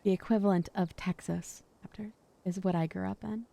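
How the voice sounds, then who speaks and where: A woman's voice: medium pitch, steady tone, fairly quick, gravelly, dark tone. A woman streamer chatting casually and playfully while reading through a game, sometimes whining in mock pleading. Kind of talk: casual livestream chat while reading a visual novel.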